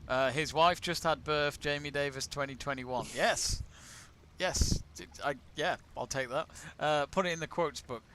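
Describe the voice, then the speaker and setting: A man's voice: a little high, normal speed, bright, forceful tone, a little hiss or hum. A man from England hosting a live golf watch-along, chatting casually, greeting viewers and reading out their messages. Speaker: watch-along stream host.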